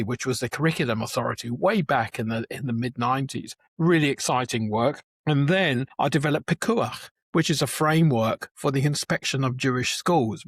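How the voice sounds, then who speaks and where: A man's voice: medium pitch, slightly rough, dry recording, clean studio sound. A man in his seventies, a Jewish educator, chatting as a guest and telling stories with restarts and chuckles. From England. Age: 70s. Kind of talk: conversational interview.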